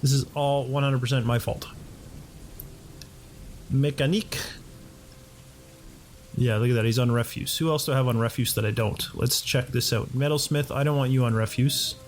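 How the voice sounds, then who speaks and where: Talking fast with hardly any pauses, a man with a medium-pitched, steady voice plays a game at home in his condo. This let's play host keeps up casual, chatty commentary, often speaking to himself and his game characters.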